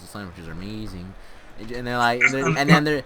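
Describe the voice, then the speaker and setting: A man's voice: mid-range voice, steady tone, bright, forceful tone, a little hiss or hum. Rambling young guy telling a story. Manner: rambling, halting, many restarts. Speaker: storyteller and gamer. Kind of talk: rambling casual storytelling while gaming.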